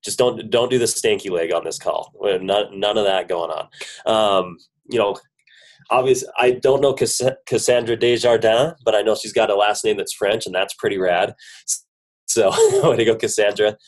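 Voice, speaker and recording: A man's voice: fairly low pitch, normal speed, low-quality recording. Upbeat man with a head cold. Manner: upbeat, chatty, joking praise. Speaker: business team leader on a coaching call. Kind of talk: casual conference-call pep talk. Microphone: phone conference call.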